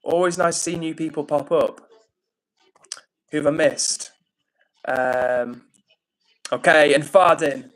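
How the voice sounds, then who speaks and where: An English man hosting a casual livestream, upbeat and chatty as he reads out comments and gives shout-outs. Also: on the high side, steady tone, takes it slowly, pauses often, rough recording. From England. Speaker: livestream host.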